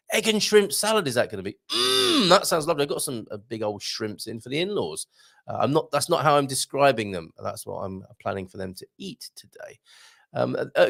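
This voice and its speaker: A man's voice: mid-range voice, creaky, fairly bright tone. A man hosting a casual live stream, reading out viewer comments in a chatty way with frequent stumbles and restarts.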